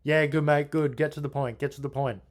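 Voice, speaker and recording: A man puts on a gruff business owner who picks up the phone sounding raised and strained, higher than a normal speaking voice. He is slangy and quick to brush people off, and talks in short, clipped bursts. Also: fairly even intonation, dry recording, studio quality, close to an everyday voice. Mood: impatient. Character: blunt impatient male business owner on the phone.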